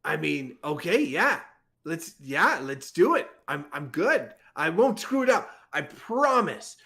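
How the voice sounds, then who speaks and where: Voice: mid-range voice, sing-song, slow pace, pushed and bright, exaggerated voice. A player voicing an eager, stammering young male rogue who is anxious to prove himself.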